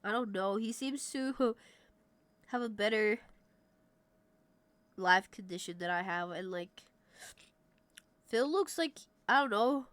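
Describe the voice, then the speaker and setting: A woman's voice: medium pitch, lively intonation, takes it slowly, long pauses, a bit bright, no room sound. A young adult woman livestreamer chatting casually with her viewers at a desk mic. She laughs often and swears freely. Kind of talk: casual chat with stream viewers.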